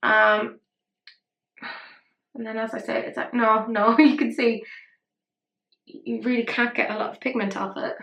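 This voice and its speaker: A woman's voice: on the high side, level tone, unhurried, pauses often, fairly bright tone. A young woman talking through a makeup tutorial in a rambling, self-mocking way. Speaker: beauty vlogger. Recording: roomy echo.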